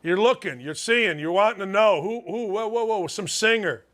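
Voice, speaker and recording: An older sports talk host from Gary, Indiana, with a high, bright voice, moves at a moderate pace with hardly any pauses. He's folksy and emphatic, forever going off on tangents.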